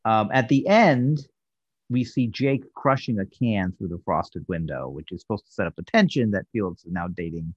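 A man recaps a TV episode on his podcast, acting out quotes as he tells it. His husky, low voice moves lively up and down. The sound is dry and a little dull. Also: moderate pace, dry recording. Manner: animated storyteller, acting out quotes. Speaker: podcast host.

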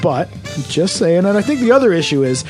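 A Canadian man rants through casual podcast banter, loud and sweary. His voice sits high for a man. Faint music plays under the talk. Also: big pitch swings, brisk. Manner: loud, ranting, heavy swearing. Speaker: podcast co-host.

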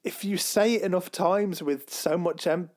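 Man, podcast co-host, slow hesitant casual talker, somewhat high voice. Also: steady tone, darkish tone. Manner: slow, hesitant, many ums and restarts. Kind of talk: casual chat.

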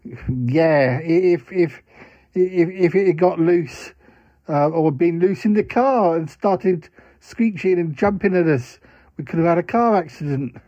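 A man's voice: fairly high pitch, a little slow, mellow, dry recording, highs cut off. A man voicing a fussy, reassuring duck-like male character who quacks between his phrases. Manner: punctuates speech with "quack, quack".

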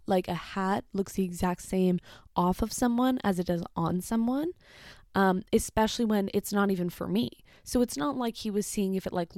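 A young woman telling a story casually, chatty and full of "like", swearing and animated as she retells it. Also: mid-range voice, creaky, dry recording, clean studio sound. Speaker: retail worker telling a story.

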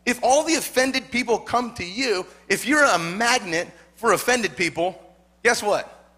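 Male pastor, high bright voice, lively storytelling sermon, calls for amens. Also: a little slow. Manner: animated storytelling, repeats words, asks congregation for amen.

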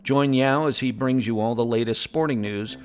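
A man's voice: mid-range voice, normal speed, soft background music, natural voice. A man voicing a young male Pandaren journalism student who hosts an in-character tavern review podcast in an upbeat, folksy way. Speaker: host.

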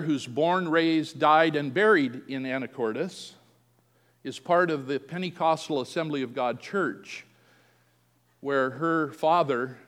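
A man's voice: medium pitch, fairly bright tone, long reverb tail. A man preaching a sermon, telling a family story and acting out the quoted voices. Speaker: pastor.

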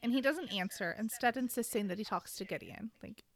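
A woman's voice: a little high, fairly quick, a crowd in the background. A woman casually recapping a book on a podcast, playfully acting out characters' lines with sarcasm and the odd swear word. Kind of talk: casual chat.

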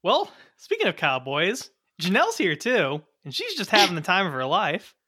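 A man's voice: sits high, huge pitch swings, moderate pace, pushed and bright, breathy edge, dry recording, clean studio sound. A man hosting and running the game, introducing co-hosts in upbeat, laughing banter. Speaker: host and dungeon master.

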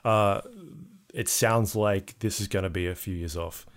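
A man co-hosting a podcast, chatting casually about game news with a relaxed, hesitant delivery and plenty of ums. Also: sits low, measured pace, clear, resonant tone. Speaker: podcast co-host. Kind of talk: casual gaming news chat.

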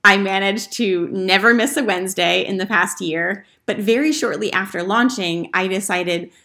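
A woman's voice: mid-range voice, normal speed, sharp tone. A woman hosting her own podcast, telling a personal story in an earnest, chatty way. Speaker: podcast host. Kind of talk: casual solo podcast monologue.

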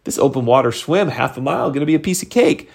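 A middle-aged man giving a motivational talk to his sales team, conversational and animated, leaping up in pitch for emphasis. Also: fast talker, vocal fry, breathy edge. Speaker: sales team leader and coach.

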